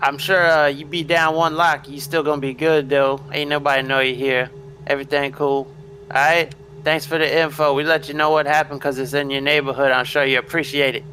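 A man voicing a smooth-talking male vampire who speaks in easygoing street slang. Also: on the high side, level tone, brisk, pushed and bright, a little hiss or hum, voice pushed up. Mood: casual.

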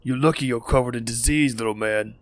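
A man's voice: medium pitch, brisk, no room sound, voice pushed up, lightly acted. A man voicing a crude, mocking male orc thug in a tabletop game. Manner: taunting, jeering.

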